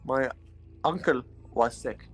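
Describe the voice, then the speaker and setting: Man telling a story on stream, halting and slow, music playing loudly behind. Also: medium pitch, husky. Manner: halting, many fillers.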